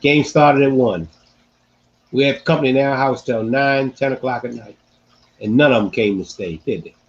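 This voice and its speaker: A man hosting a casual sports-talk podcast, animated and repeating phrases for emphasis. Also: mid-range voice, moderate pace, muffled recording. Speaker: podcast host.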